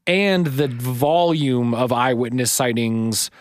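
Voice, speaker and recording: A man's voice: medium pitch, takes it slowly, no echo, clean studio sound. A man co-hosting a podcast in casual chat, rambling with lots of fillers and retelling stories. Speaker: podcast co-host.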